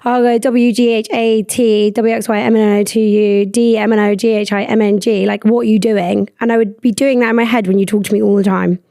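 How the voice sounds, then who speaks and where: A young woman hosting a podcast, talking in a rambling, animated way and swearing freely. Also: mid-range voice, brisk, few pauses, no room sound, studio quality. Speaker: podcast host. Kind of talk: casual chat.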